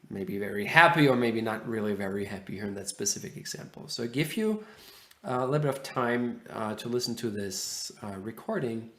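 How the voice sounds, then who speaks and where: A man's voice: lowish voice, fairly bright tone. Hesitant man lecturing, roomy echo. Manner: hesitant, many fillers, asking the class. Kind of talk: university lecture.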